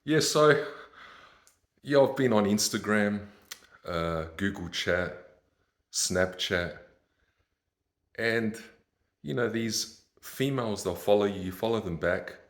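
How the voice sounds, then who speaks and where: A man's voice: on the low side, lively intonation, slow, pauses often, roomy sound. A man hosting his own podcast, ranting in a casual, exasperated, mocking way and laughing at his own stories. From Australia. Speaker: podcast host.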